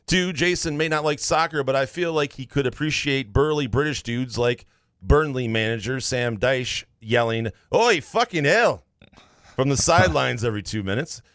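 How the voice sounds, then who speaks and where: A man co-hosting a sports podcast in a dry, close-miked studio. He reads listener takes in a flat, deadpan way and sinks into quiet mutters for his jokes. His voice sits at an ordinary pitch. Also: normal speed, clear, resonant tone, no echo. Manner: deadpan, drops low for asides, reads listener takes aloud. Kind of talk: casual sports chat.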